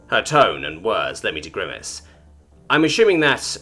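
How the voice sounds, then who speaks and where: A man's voice: sits low, huge pitch swings, moderate pace, sharp tone, faint music behind. A man narrating a first-person sci-fi story in a wry, casual, sarcastic way.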